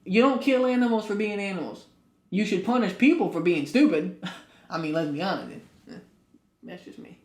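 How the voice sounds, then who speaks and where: Animated man in an echoey room. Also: high voice, normal speed. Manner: animated storyteller, rising loud for punchlines. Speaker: podcast co-host. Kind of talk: casual chat.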